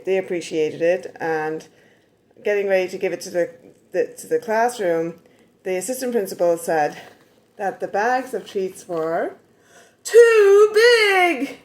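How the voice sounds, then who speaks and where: A woman telling a personal story in a casual vlog, animated and given to sarcastic asides. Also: fairly low pitch.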